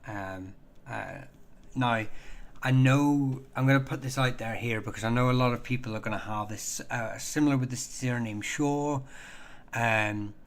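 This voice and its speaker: Halting, chatty man hosting a stream. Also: mid-range voice. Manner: halting, full of ums and uhs, restarts phrases; chatty and self-deprecating. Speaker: host answering viewer questions on surnames. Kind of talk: casual live-stream chat.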